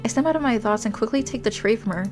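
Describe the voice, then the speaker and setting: A woman's voice: fairly high pitch, animated, racing. A young woman streamer reading a romance game aloud. She giggles and drifts into rambling asides. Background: game music.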